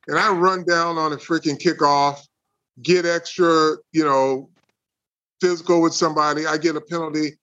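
A man in his sixties co-hosts a casual podcast, teasing his old teammate. His voice is high and sharply bright. The recording sounds dull and lo-fi. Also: normal speed. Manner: teasing, ribbing. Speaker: podcast co-host, former pro player.

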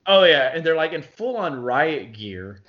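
A man from Alabama, an actor guest telling lively anecdotes in a casual interview, often laughing and acting out quotes. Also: fairly high pitch, unhurried, muffled recording. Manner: animated anecdotes with frequent laughter and acted-out quotes.

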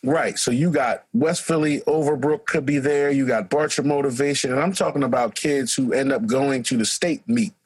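A middle-aged man, a coach and co-host telling stories loudly and with animation in a casual podcast chat. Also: medium pitch, normal speed, hardly any pauses, slightly rough, dry recording, rough recording. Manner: loud, animated storyteller. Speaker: track and football coach, co-host.

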